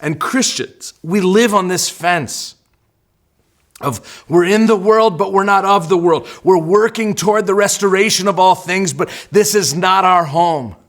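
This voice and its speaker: A man's voice: high-pitched, unhurried, fairly bright tone. A man preaching a sermon as a church pastor, often repeating words as he starts phrases and acting out quotes with energy. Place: church sanctuary.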